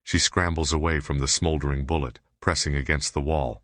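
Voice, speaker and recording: A man reading an audiobook aloud in a steady, measured narration. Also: extremely low pitch, dry recording, clean studio sound. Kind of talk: scripted narration.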